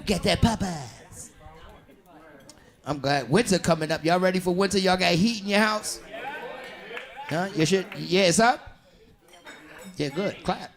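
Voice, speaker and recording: A man doing stand-up comedy, loud and animated, talking with the audience and putting on voices for characters. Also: sits high, moderate pace, pauses often. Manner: talks with the audience, asks them questions. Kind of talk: stand-up crowd work. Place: comedy club stage. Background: audience laughing.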